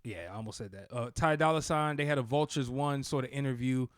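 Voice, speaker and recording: A man's voice: medium pitch, fast talker, dry recording, studio quality. A man co-hosting a podcast, telling stories in casual chat with plenty of fillers. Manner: relaxed storytelling with fillers. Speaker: podcast co-host. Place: podcast studio.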